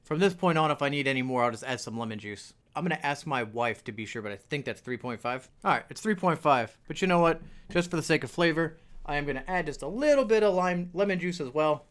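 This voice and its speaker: A man's voice: fairly high pitch, expressive, fast, few pauses, fairly bright tone. Chatty man hosting a home cooking vlog. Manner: chatty, jokey asides to viewers. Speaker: cooking video host. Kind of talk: casual cooking demonstration. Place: home kitchen.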